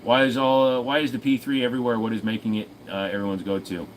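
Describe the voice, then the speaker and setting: A man's voice: mid-range voice, little pitch movement, fast, a little hiss or hum, poor audio. A man hosting a casual livestream Q&A, reading out viewer comments and answering them in an offhand, profane way. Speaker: host.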